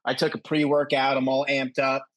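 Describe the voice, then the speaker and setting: A man's voice: mid-range voice, moderate pace. A young adult man, a doctor guest, telling a story in casual chat over a video call, swearing freely and acting out the people he quotes. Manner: profane, animated, acts out quoted people.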